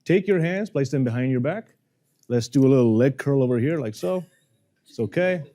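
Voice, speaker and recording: Man, workshop coach, playful and animated, addressing a room full of people. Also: mid-range voice, normal speed. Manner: animated, playful, jokes with audience. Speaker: communication coach. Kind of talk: live workshop teaching. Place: seminar room with audience.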